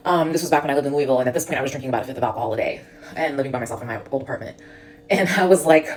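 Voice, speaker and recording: A woman in her thirties, a sobriety coach, tells her own story with frank, conversational candor. Her voice sits low and she talks quickly, full of "like" and "um". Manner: candid, heavy use of filler "like". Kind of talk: personal storytelling to camera.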